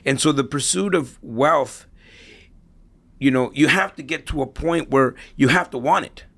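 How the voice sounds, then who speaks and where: A man's voice: medium pitch, measured pace, vocal fry, fairly bright tone. A middle-aged man speaking as an interview guest, telling stories casually and tagging his points with "right?". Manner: storytelling, tags points with "right?". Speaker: interview guest, real estate investor.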